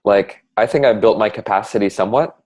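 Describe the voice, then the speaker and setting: A man in a casual heartfelt conversation, speaking reflectively and haltingly with many fillers. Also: lowish voice, darkish tone. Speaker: conversation partner sharing reflections.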